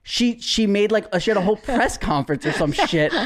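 A man's voice: sits high, animated, a little fast. A man chatting as a podcast guest, ranting and mocking with plenty of swearing. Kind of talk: casual chat.

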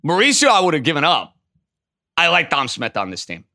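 A man's voice: a little high, creaky. A man hosting a call-in sports talk show, taking callers and arguing his takes emphatically. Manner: emphatic, animated, quick to riff. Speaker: sports radio host.

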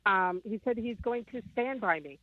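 Fairly high-pitched and expressive, this fifties-aged caller speaks at a moderate pace in a dry recording. Her phone-in story rambles with lots of ums over a tinny line.

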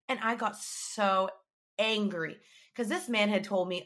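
Young woman podcaster, bright crisp voice, animated chatty storytelling. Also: mid-range voice, a little slow. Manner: animated, dramatic retelling with quoted dialogue. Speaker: podcast host. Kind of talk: casual storytelling chat.

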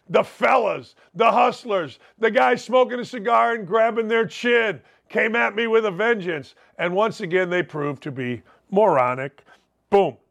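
Male sports talk host, high pitch, brash rambling monologue. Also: gravelly, fairly bright tone. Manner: brash, rambling, punchy asides.

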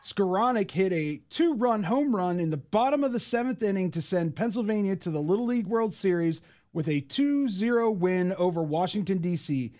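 A man's voice: sits high, lively intonation, normal speed, few pauses, a little mellow. A man producing and co-hosting a sports show, reading recaps and bantering. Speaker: producer and co-host. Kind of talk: casual sports segment hosting.

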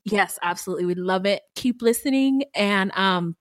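A woman co-hosting a casual true-crime podcast, animated and profane, and she often laughs mid-sentence. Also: mid-range voice, normal speed, no echo, studio quality. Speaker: podcast co-host.

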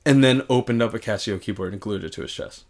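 A man's voice: fairly low pitch, fast talker, a little mellow. A young man co-hosting a casual chat, rambling with lots of swearing and restarts.

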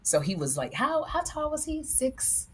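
A woman guesting on a comedy podcast, talking in an animated, gushing way. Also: high-pitched, a little slow, slight background noise. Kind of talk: casual comedy podcast chat.

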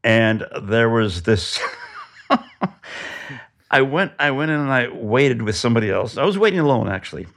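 An older man, a guest in an interview, telling an anecdote in a lively, laughing way. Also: medium pitch, moderate pace, long pauses. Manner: animated, laughing storyteller. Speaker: guest, film director and puppeteer. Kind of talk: casual interview chat.

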